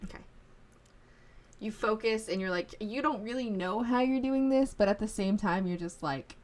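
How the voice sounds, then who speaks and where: A woman's voice: mid-range voice, normal speed, darkish tone. A woman narrating a tabletop game as game master in a casual, rambling way full of fillers.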